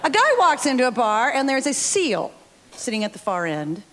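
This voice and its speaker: A playful woman trades teasing banter and tells jokes on a live stage. Her voice sits a little high, and a long theater reverb trails each line. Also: very animated, normal speed, a faint crowd. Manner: playful, teasing, laughs often. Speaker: radio show performer. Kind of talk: comic stage banter and joke telling. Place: live stage show before an audience.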